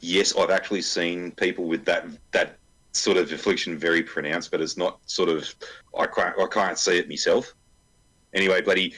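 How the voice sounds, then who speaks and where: Deep-voiced Australian man, crude banter. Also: fairly even intonation, normal speed, a bit bright. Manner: crude, laughs a lot, jokey. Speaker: podcast co-host. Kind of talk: crude casual banter, reading reviews aloud.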